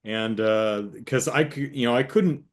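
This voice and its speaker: A man's voice: mid-range voice, measured pace. A man hosting a casual chat with his sister, telling a rambling story and acting out the voices in it. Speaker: host.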